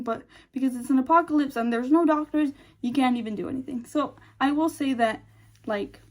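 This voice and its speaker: Young woman rambling emotionally in casual chat. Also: high voice. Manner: emotional, rambling, many fillers and restarts. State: on the verge of tears. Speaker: vlogger reviewing a TV episode.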